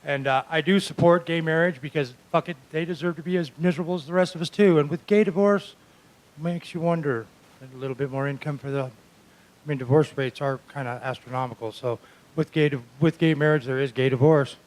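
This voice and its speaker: A man doing stand-up comedy in a small club, with sardonic, deadpan jokes. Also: fairly high pitch, a little fast, low-quality recording. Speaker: stand-up comic, reverend.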